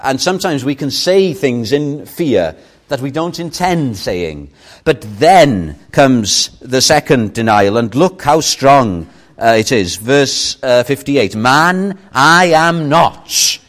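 A male preacher whose first language is Welsh delivers a Sunday sermon in an unhurried, deliberate way. His voice sits at a middle pitch but moves a lot, rising and falling as he dwells on words for emphasis. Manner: slow, expressive storytelling with emphatic stresses.

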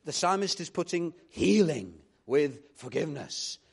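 A man preaching a sermon in an earnest manner, rising to emphatic calls and dropping to quiet reflection. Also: on the high side, expressive, a little slow, vocal fry, husky.

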